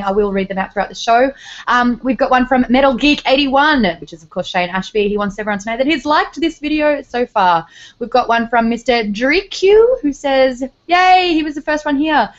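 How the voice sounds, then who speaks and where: A young Australian woman hosting a live stream, bubbly and giggly as she reads comments. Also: fairly high pitch. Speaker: host. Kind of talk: casual live-stream chat. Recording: dull lo-fi stream audio.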